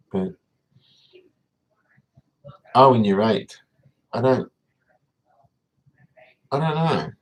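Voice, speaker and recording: Chatty teacher greeting stream viewers. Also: male voice, lowish voice, poor audio. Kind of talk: casual live-stream chat.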